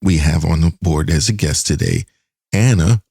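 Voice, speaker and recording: A very deep, gravelly male voice, husky and a little worn, with lively swings in pitch. He hosts a casual podcast, joking and cursing as he plays the captain of the ship. The sound is dry and close. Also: a little fast, no room sound. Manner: playful, swears freely, role-plays as ship captain. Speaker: podcast host.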